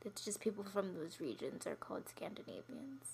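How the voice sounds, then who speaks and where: A woman's voice: fairly low pitch, very animated, moderate pace, creaky, a little mellow, in a whisper. A young woman co-hosting a casual chat podcast, telling stories with giggles and rambling asides. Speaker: podcast co-host.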